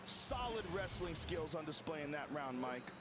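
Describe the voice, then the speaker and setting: A man voicing a high-pitched game announcer. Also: expressive, moderate pace, close to an everyday voice. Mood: upbeat. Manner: canned stock phrases. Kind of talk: scripted sports commentary. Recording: game audio with loud noise.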